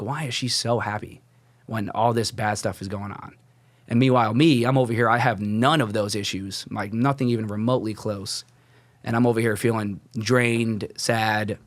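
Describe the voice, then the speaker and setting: A man's voice: fairly low pitch, no echo. A young man telling his personal faith story as a podcast guest, casual and rambling, full of "like" fillers and restarts. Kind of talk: casual testimony.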